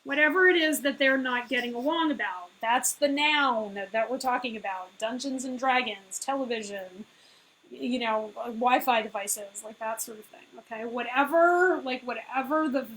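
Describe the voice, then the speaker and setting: A woman in her thirties, a business owner and life coach, chats casually in a fairly bright, higher-pitched voice at a moderate pace. She fills her speech with fillers and keeps checking in with "right?". The audio quality is poor.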